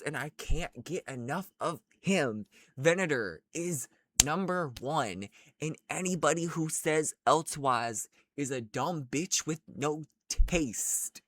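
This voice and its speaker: A man's voice: fairly high pitch, expressive, unhurried, a bit bright, no room sound. A young man chatting casually in a rambling, crude, gushing way as he ranks characters. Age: young adult. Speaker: vlogger. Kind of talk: casual ranking chat.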